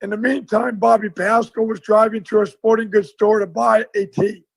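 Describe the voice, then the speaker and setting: A man, a former football coach, telling a lively story in a casual interview and acting out the dialogue. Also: high voice, normal speed, creaky, husky, dry recording, low-quality recording. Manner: animated storyteller, acts out dialogue.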